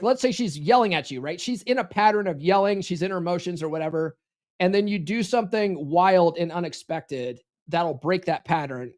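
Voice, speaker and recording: A man talking as a relationship coach on a live stream, casual and confident, often tagging his points with "right?" and short laughs. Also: high-pitched.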